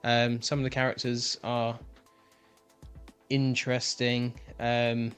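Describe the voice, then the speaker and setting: Hesitant man giving a measured opinion. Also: mid-range voice, completely flat delivery, fairly bright tone, clear, resonant tone, soft background music. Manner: hesitant, lots of ums, weighing his words. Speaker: panelist. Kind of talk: casual panel chat.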